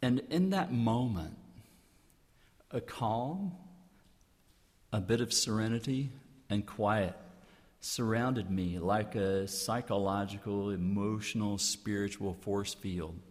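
A man's voice: on the low side, slow, long pauses. A clergyman giving an earnest inspirational public talk, building his points through rhetorical repetition. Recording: long hall reverb.

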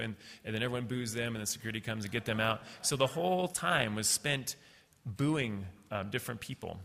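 A middle-aged man tells a personal story, stopping and restarting often with lots of fillers. His fairly low voice is gravelly and bright. The recording carries a long hall reverb. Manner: halting, many fillers and restarts.

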